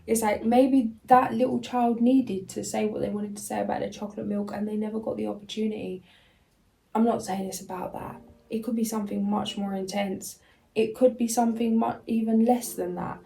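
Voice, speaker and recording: A woman's voice: medium pitch, fairly even intonation, normal speed, creaky, dark tone, poor audio. A woman doing a casual spiritual card reading, reading card messages aloud and then chatting loosely with fillers. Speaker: tarot and oracle card reader.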